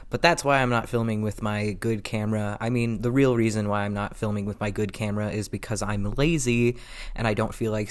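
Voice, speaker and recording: Talkative man with a smooth voice. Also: lowish voice. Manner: talkative, self-deprecating, repeats himself. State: a little out of breath. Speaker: vlogger. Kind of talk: rambling casual vlog. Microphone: built-in camera mic, low angle.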